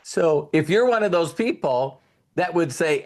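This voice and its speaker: A man's voice: fairly high pitch, lively intonation, a little slow, a little mellow. A man giving a casual motivational talk, telling a story and retelling conversations with repeated words and restarts. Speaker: motivational speaker.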